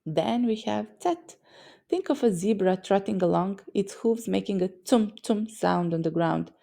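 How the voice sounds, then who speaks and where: Gravelly-voiced woman teaching pronunciation. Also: medium pitch, unhurried. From Serbian-speaking region. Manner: lively, explains sounds with vivid mental images. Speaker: language teacher. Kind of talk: scripted lesson narration.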